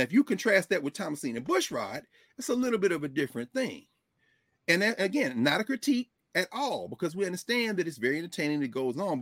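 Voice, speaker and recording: A middle-aged man, a professor, giving animated, emphatic conversational commentary, digressing often and breaking into laughter. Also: a little high, no room sound, clean studio sound.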